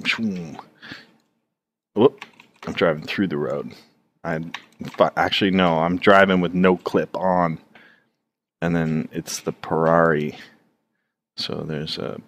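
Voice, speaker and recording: Slow, deep-voiced man rambling while drawing. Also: a little hiss or hum. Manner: rambling, profane, halting with many fillers. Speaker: streamer drawing on stream. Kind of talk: casual running commentary while drawing.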